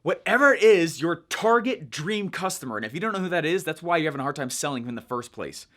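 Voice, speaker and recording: A young man coaching viewers in a chatty, energetic way, checking in with "right?" as he explains. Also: on the high side, fast talker. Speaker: online marketing coach. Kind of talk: casual teaching monologue.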